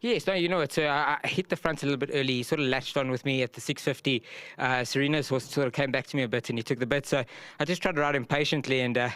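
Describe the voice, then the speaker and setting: Man, South African accent, jockey interview, fast talker, smooth clear voice. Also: mid-range voice, fairly even intonation, a bit bright, dry recording. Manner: quick, modest, with many fillers. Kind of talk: post-race interview.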